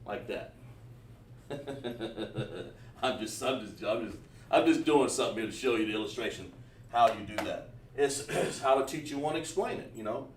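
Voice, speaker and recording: A man's voice: mid-range voice, moderate pace, slight background noise. Man teaching a class in a roomy space. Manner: talks while writing on a board, many fillers and restarts. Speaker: Hebrew teacher. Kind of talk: livestream class. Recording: roomy echo, mic at a distance.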